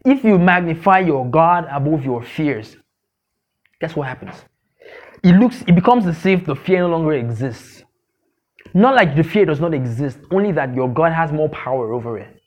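Male pastor, high voice, emphatic sermon with repeated refrains, muffled low-fidelity recording. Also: expressive, normal speed. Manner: emphatic, repeats key phrases, asks the congregation questions; acts out gossip in a mocking squeaky voice.

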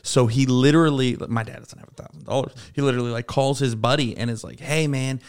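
A man telling a casual, animated story with plenty of swearing and "like" fillers. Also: medium pitch, fast, clear, resonant tone. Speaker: comedy podcast guest.

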